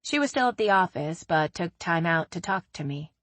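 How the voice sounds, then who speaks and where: A woman narrating a first-person romance audiobook in an even, steady storytelling manner. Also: fairly low pitch, normal speed, no room sound.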